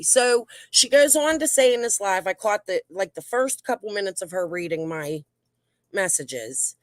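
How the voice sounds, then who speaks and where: A woman, venting in an aggravated, defensive way as she reads out old messages. She rambles, restarts her sentences and talks at a middle pitch. The recording is dry and close, with no room sound. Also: a bit bright, dry recording. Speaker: YouTube channel host. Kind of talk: heated commentary reading out messages.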